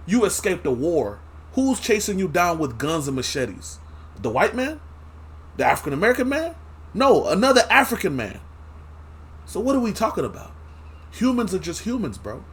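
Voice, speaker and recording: A man giving casual reaction commentary, slangy and animated, laughing often. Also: sits high, normal speed, slight background noise. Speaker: reaction streamer.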